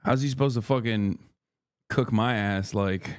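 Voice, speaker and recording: A man's voice: on the low side, unhurried, no room sound, studio quality. A man streaming, giving casual, profane reaction commentary and mimicking friends.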